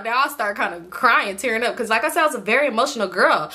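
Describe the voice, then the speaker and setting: A woman from the Los Angeles area telling a storytime in a profane, animated way, often laughing as she talks. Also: a little high, fast talker, hardly any pauses. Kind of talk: casual storytime.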